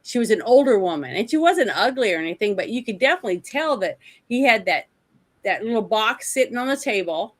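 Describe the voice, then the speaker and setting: A woman's voice: fairly high pitch, lively intonation, fairly quick. A woman co-hosting a casual movie review podcast, retelling scenes in a rambling way with lots of asides. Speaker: podcast co-host.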